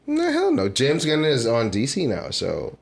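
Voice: mid-range voice, wildly swooping pitch, a little slow, creaky, slight background noise. Laid-back podcaster with short replies. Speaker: podcast co-host. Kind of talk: casual chat.

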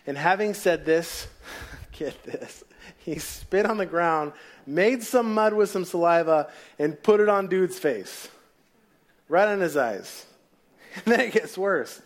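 A man's voice: sits high, expressive, takes it slowly. A man preaching a sermon in a casual storytelling way, acting out the people in the story. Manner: casual storytelling, acts out voices.

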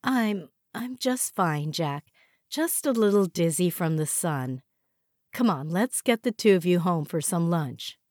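A woman's voice: on the low side, animated, a little slow, darkish tone, dry recording, clean studio sound. A woman voicing a weary mother who is firm with her twins in a storybook reading. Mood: tired. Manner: stern, tired.

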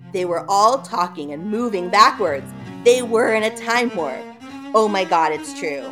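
Lower-voiced woman retelling a story. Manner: animated, giggly storytelling. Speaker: podcast co-host recapping a book. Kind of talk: casual comic retelling.

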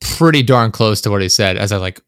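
A young man chatting casually on a podcast, rambling and animated, swearing often, close to his microphone. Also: fairly low pitch, brisk, smooth, no echo. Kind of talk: casual chat. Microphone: close desk microphone.

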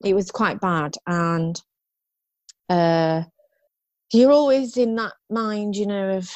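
A woman's voice: lowish voice, moderate pace, darkish tone, no echo, highs cut off. A woman in her fifties, a guest in an interview, telling her story frankly and ramblingly, with restarts and rueful laughs.

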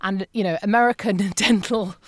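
A middle-aged woman, an interview guest, telling a painful personal story in a halting, emotional way with many repeated phrases. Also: mid-range voice, steady tone, no echo, clean studio sound.

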